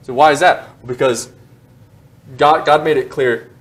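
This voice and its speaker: A male pastor in his thirties preaching a sermon in a church, animated and quick to joke at his own expense. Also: medium pitch. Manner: joking, animated, self-deprecating asides. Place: church sanctuary.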